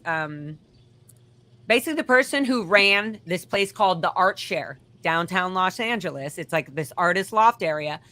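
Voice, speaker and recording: A woman's voice: lowish voice, sharp tone, clear, resonant tone. A woman telling a long, rambling, profane story as a guest on a casual live chat.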